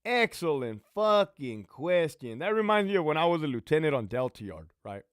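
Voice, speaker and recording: A man with a fairly high, swinging voice tells blunt, profane stories and answers viewer questions on a casual live stream. His speech rises and falls a lot, and the sound is close and dry with no room around it. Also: normal speed, clean tone, dry recording. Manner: profane, blunt, animated storyteller. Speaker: livestream host and former prison lieutenant. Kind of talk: casual livestream Q&A storytelling.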